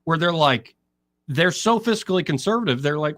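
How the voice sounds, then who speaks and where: A man's voice: a little high, moderate pace, no room sound. Man hosting dry talk radio. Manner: explanatory, quotes others in an animated voice. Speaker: radio talk show host. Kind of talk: political talk radio commentary.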